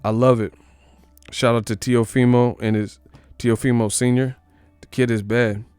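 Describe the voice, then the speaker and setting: Male channel host doing loose, cursing boxing commentary; smooth voice, close dry mic. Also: medium pitch, flat delivery, moderate pace, a little mellow, dry recording, faint music behind. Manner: profane, joking, trash-talking. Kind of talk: casual boxing commentary rant.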